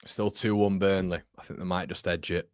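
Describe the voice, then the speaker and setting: Excitable man hosting a football watchalong. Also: low voice, fairly quick, smooth, no echo, clean studio sound. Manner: excitable, chatty, swings between shouting and muttering. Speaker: watchalong host. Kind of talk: live match watchalong commentary.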